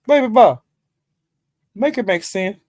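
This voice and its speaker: A livestream host riffs on casual commentary, talking straight to her chat, calling viewers by name, laughing between lines and cursing heavily. She's animated but unhurried, swinging from loud outbursts to low muttering. Her voice sounds close and dry, with no room sound.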